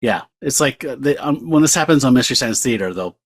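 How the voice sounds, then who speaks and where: A man's voice: medium pitch, animated, fast talker. A man co-hosting a podcast, casually summarizing and reading a comic book aloud, joking along. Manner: easygoing, joking, reads comic panels aloud. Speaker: podcast co-host.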